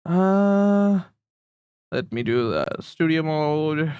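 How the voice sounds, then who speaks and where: A man's voice: on the high side, lively intonation, very slow, a little mellow, clean tone, dry recording, clean studio sound. A man livestreaming, rambling casually to his chat with frequent chuckles while he fiddles with settings.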